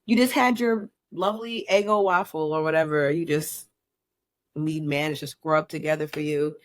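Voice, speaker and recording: A woman's voice: low-pitched, fairly even intonation, moderate pace, no echo. A woman in her thirties co-hosting a podcast, ranting bluntly and exasperated about feeding her kids, with plenty of swearing. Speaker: podcast co-host. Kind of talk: casual chat.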